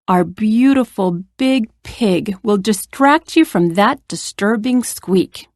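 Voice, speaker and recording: A woman voicing a gentle mother and father in a storybook read-aloud, calm and reassuring. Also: medium pitch, takes it slowly, dry recording, studio quality. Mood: soothing. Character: gentle soothing storybook parents.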